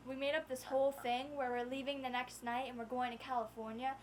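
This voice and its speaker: Chatty high-pitched teenage girl. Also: flat delivery, a little hiss or hum. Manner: chatty, chimes in with quick asides. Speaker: vlogger. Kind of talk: casual storytelling chat.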